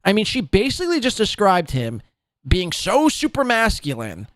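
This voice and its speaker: A man's voice: high voice, wildly swooping pitch, moderate pace, a bit bright, no echo, clean studio sound. A man hosting a podcast, ranting sarcastically and with a lot of swearing as he reacts to clips. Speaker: podcast host.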